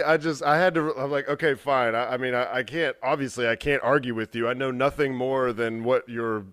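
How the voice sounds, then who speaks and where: A man's voice: mid-range voice, a little fast, few pauses, dry recording, studio quality. Profane man telling a rambling story. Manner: rambling, profane, animated retelling with quoted dialogue. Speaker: podcast co-host. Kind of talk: casual storytelling.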